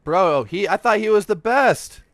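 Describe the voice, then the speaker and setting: A man hosting a gaming podcast, telling stories in casual, profane, animated chat while he plays. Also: sits high, measured pace, gravelly, no echo. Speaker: streamer and podcast host.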